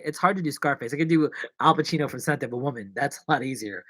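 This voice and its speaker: Rambling, jokey man with a lively voice. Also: on the high side, fairly quick, no echo. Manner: rambling, jokey, self-mocking. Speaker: live-stream host. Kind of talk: casual live-stream chat. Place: apartment in New York.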